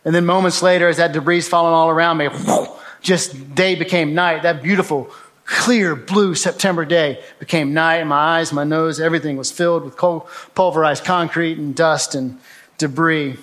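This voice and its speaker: A man giving a spoken testimony to an audience, telling his story dramatically and acting out his own shouts. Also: fairly high pitch, steady tone, normal speed. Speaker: guest speaker.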